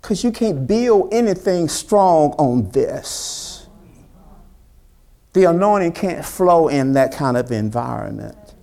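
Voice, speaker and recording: A man's voice: slow, gravelly. A man preaching a sermon, retelling a story with dramatic voices for its characters and questioning his congregation directly. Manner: preaching with dramatic character voices, rising to high excited pitch. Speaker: pastor.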